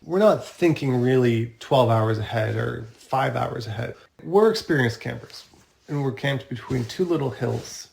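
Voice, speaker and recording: A man's voice: medium pitch, animated, a little slow, creaky, darkish tone. A man from Canada, a podcast guest, telling a travel story in an easygoing, matter-of-fact way. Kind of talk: casual storytelling in a podcast interview.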